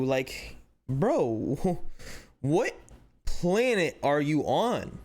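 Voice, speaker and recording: A man hosting a sports channel, giving casual, animated commentary with exasperated rhetorical questions and lots of "like". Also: on the high side, extremely slow, long pauses. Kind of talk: casual commentary breaking down footage.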